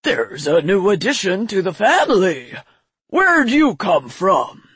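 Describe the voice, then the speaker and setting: A woman's voice: mid-range voice, sing-song, slow, husky, no echo, heavily acted. Brief: woman voicing an old male dragon patriarch, drowsy, lazy drawl, storybook reading.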